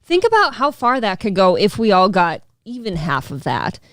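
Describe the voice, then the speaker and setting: A woman from central Minnesota co-hosting a morning talk show, blunt and profane and laughing often. Her voice is smooth and clear. It sits dry and close on the mic. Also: medium pitch, huge pitch swings, moderate pace, fairly bright tone, dry recording. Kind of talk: casual crude banter.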